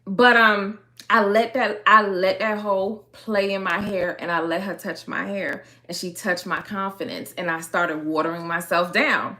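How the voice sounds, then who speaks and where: A woman's voice: medium pitch, fairly even intonation, a little slow, pushed and bright. A young woman with a Miami accent, a hair care creator telling a story time in a chatty, slangy way with frequent laughs.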